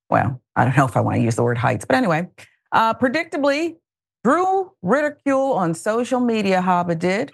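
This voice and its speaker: A woman's voice: lowish voice, a little fast, gravelly, dry recording, clean studio sound. A woman hosting a news talk show, giving opinionated and sarcastic commentary. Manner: animated, exasperated, sarcastic. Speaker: host.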